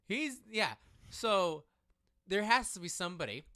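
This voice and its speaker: A man co-hosting a casual political chat podcast, talking in an animated way and restarting his sentences often. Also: sits high, measured pace. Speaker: podcast co-host.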